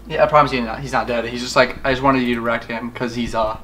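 A man's voice: medium pitch, fairly even intonation, fast talker, fairly bright tone, slight background noise. A young man hosting a casual reaction video, teasing his mom and laughing often. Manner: teasing, laughs a lot, loose slangy talk. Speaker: vlogger host. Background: music playing.

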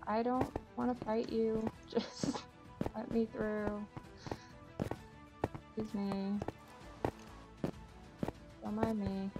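Woman gamer host, casual self-mocking commentary, gravelly fry, game music underneath. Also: a little high, little pitch movement, very slow, pauses often. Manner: chatty, self-mocking, thinks aloud while playing. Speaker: gaming channel host.

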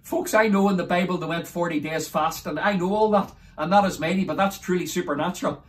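A man with a Northern Irish accent from Derry, preaching in a fervent testimony style that keeps rising into exclamations. He is emotional and near tears, and his voice sits high. The mic is set some way off, so he sounds distant. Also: steady tone, quick pace. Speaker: evangelist.

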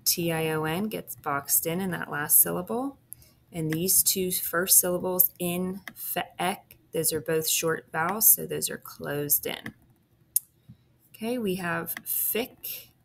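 Slow, gravelly-voiced woman teaching phonics. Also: fairly low pitch, slight background noise. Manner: patient, step-by-step, sounds out syllables. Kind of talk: phonics lesson walkthrough.

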